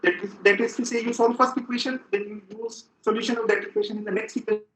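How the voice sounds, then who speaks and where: In a lecture room, a man gives an academic physics seminar, halting and full of filler sounds as he explains. His voice is very high, with big pitch swings and a fairly bright tone. Audio quality is poor.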